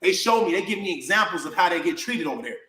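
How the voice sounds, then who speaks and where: A man's voice: high voice, very animated, fast talker, pushed and bright. A man in a heated, confrontational rant to camera, answering his critics in slangy talk and calling people "bro" again and again. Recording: echoey room.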